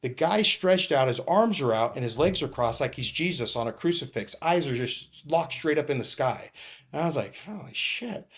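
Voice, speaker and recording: A man's voice: medium pitch, expressive, moderate pace. A middle-aged man with a Californian accent, a retired police captain telling a story in casual conversation, acting out the dialogue and laughing as he goes.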